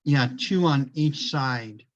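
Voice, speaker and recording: A man, a physician, giving relaxed health advice on a casual call and often repeating short approvals. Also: mid-range voice, takes it slowly, dull audio, crowd noise.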